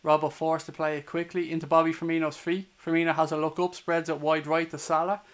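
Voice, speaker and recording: A young Irish man giving live play-by-play commentary for a fan watchalong stream, brisk and partisan, swearing freely when annoyed. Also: a little high, little pitch movement, clear, resonant tone. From Ireland. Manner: swears hotly at opposing players.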